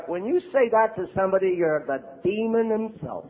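An older man, a priest, giving a lively recovery talk to an audience, acting out quotes and asking "right?". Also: sits high, normal speed, hardly any pauses, narrow, tinny audio. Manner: animated storyteller, acts out quotes, asks the audience "right?".

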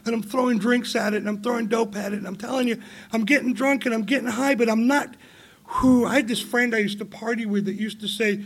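A man's voice: very high voice, fairly even intonation, brisk, slightly rough. A man in his forties from England, telling his personal recovery story to a meeting in a candid, rambling way, laughing often and swinging into emphatic outbursts.

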